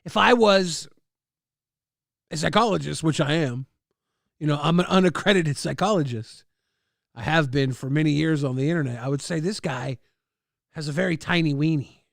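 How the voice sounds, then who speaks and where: A man's voice: fairly high pitch, moderate pace, creaky, pauses often, dry recording, studio quality. A man streaming live, mocking a video with sarcastic, profane commentary.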